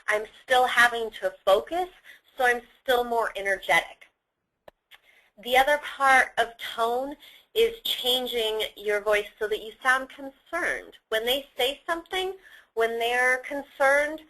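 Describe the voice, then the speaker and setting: A woman's voice: fairly high pitch, pushed and bright, rough recording. A woman giving a sales training lecture, explaining how to use tone and emphasis on the phone. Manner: instructive, demonstrates emphasis on example sentences.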